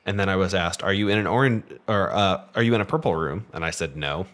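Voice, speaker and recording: A man co-hosting a board game podcast, chatting casually with dry, deadpan jokes. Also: deep voice, quick pace. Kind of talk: casual chat.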